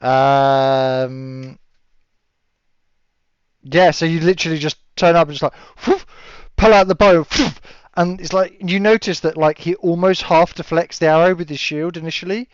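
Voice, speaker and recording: A man's voice: on the high side, steady tone, normal speed, clean tone, no room sound. A man running a tabletop game as game master, chatting casually with fillers and laughing asides. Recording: dull lo-fi audio with a dry sound.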